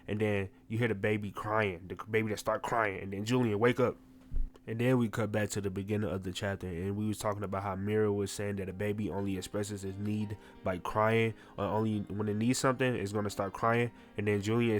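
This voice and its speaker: A young man recapping a comic chapter in casual, slangy, excitable speech, swearing freely. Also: lowish voice, a little hiss or hum. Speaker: manga reviewer.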